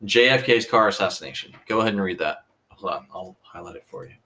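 A man's voice: deep voice, animated, fast, sharp tone. A tipsy man co-hosting a podcast, swearing constantly and arguing bluntly in casual chat. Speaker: podcast co-host.

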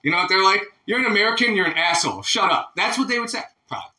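A man with a sharp, bright voice that swings high and low as he rants, loud and full of profanity. He is recorded in an echoey room that rings around his words. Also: expressive, racing. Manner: loud, ranting, profane, mock-quoting others. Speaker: podcast co-host. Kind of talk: casual banter.

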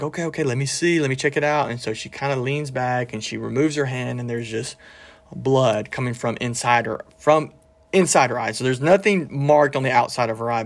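Earnest gravelly preacher man. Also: mid-range voice. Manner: earnest, storytelling with fillers and restarts. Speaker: pastor. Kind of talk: podcast sermon with personal story.

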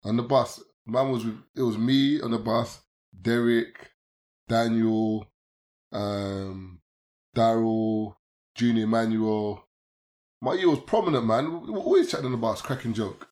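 A man in his thirties with a London accent, a podcast guest chatting casually in slang-heavy banter that turns loud and animated when he tells stories. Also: mid-range voice, unhurried.

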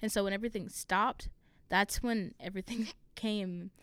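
Young woman college student, frank and open, smooth clear voice, dry close sound. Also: mid-range voice, fairly even intonation, a bit bright, dry recording. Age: young adult. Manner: open and frank, swears freely, fast asides. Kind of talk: candid personal conversation.

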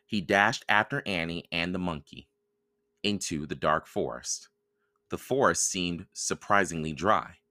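A man reading a children's chapter book aloud for a podcast, in calm, even storytelling narration. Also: sits low, a little slow, no echo. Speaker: podcast reader.

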